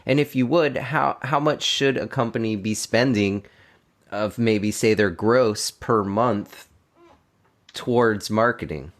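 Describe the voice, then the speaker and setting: A man's voice: on the low side, slow. A man co-hosting a podcast, asking the guest questions casually and rephrasing himself as he goes. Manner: searching, restarts questions. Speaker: podcast co-host.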